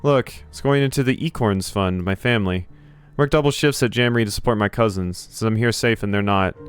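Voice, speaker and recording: A man's voice: on the low side, fairly quick, clear, resonant tone, lightly acted. Man reading as a snappy teen halfling girl. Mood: defiant. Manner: snappy, eye-rolling, defiant. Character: sullen, rude teenage halfling girl. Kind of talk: reading game dialogue aloud.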